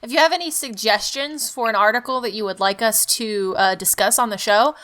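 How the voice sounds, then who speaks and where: A young woman co-hosts a podcast with a bright, forceful voice pitched a little high. She chats casually, teases her co-host and laughs often. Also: brisk. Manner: teasing, chatty, laughs often. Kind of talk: casual chat.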